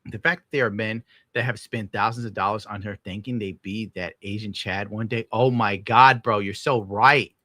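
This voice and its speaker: Man, young adult, streamer, bitter crude rant, bright forceful voice, dry close sound. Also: on the low side, steady tone, moderate pace, hardly any pauses, dry recording. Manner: bitter, crude, heavy swearing. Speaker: streamer reacting to clips. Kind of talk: casual ranting commentary.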